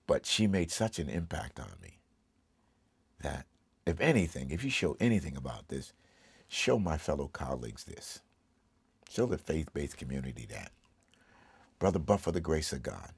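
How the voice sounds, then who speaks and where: A man's voice: rumbling low, big pitch swings, normal speed, creaky, pauses often, slightly rough, no echo. A middle-aged man, a pastor, giving a heartfelt personal testimony with emphatic, preacherly delivery that turns emotional and tearful.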